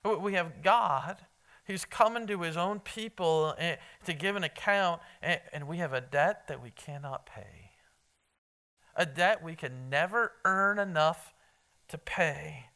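Male preacher, high bright voice, crisp and clean, chatty and emphatic, quizzes the room. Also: measured pace. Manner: conversational, quizzes the congregation, emphatic. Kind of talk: evening sermon with Bible reading.

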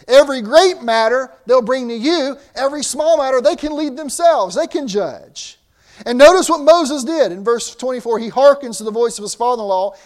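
A man preaching a sermon in a conversational way, with asides and restarts. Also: extremely high pitch.

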